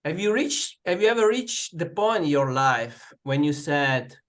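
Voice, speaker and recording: A man giving a prepared personal speech on a video call, telling his story slowly and earnestly with pauses. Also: fairly high pitch, expressive, a bit bright. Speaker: club speaker joining online.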